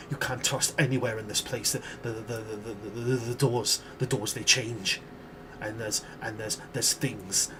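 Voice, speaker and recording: A man's voice: medium pitch, close to an everyday voice. Man playing a panicked trapped man, shaky whisper, stammering, repeated words, noisy recording. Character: frightened trapped man, half insane.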